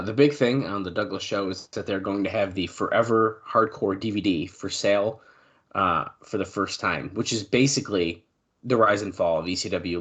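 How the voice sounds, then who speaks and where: A man co-hosting a podcast in casual chat, reading news notes aloud with fillers and now and then clearing his throat. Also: sits low, fairly bright tone. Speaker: podcast co-host.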